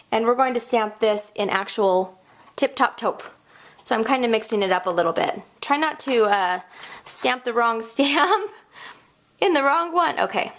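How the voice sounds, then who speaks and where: A woman in her thirties hosting a casual card-making tutorial, bubbly and chatty, squealing when she gets excited. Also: a little high, unhurried. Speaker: crafting tutorial host.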